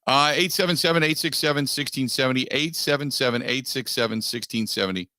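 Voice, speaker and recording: A sports radio host, a man, talks through a studio monologue with a bright, forceful voice. The sound is dry and close, with no room around it. He stays animated, slipping into mocking quoted asides. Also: medium pitch, quick pace, no room sound. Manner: animated, mock-quoting others in asides.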